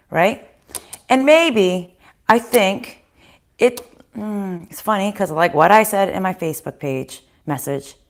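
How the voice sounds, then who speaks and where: A woman giving a casual tarot reading at home, chatting to viewers, voicing their inner thoughts and swearing freely. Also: medium pitch. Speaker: tarot reader. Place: home kitchen in a house.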